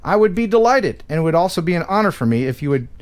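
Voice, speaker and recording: American guy hosting a live drone stream, reads viewer letters, animated, laughs a lot. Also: sits high, fast talker, smooth. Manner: animated, laughs and cries out while reacting to clips. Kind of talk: casual live-stream chat and reading viewer mail.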